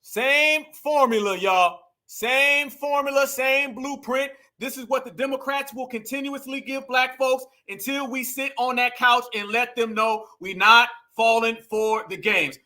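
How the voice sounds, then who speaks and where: A man in talks straight to his audience like a preacher, calling them family. His voice sits high and rings bright. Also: steady tone, measured pace, few pauses. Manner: preachy, addresses viewers as family and y'all. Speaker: political commentary host. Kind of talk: casual political commentary.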